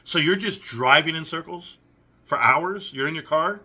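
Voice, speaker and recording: A man's voice: fairly high pitch, moderate pace, bright, forceful tone, husky. A young adult man hosting a reaction commentary, reading messages aloud and picking at them with sarcastic, incredulous questions. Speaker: commentary channel host.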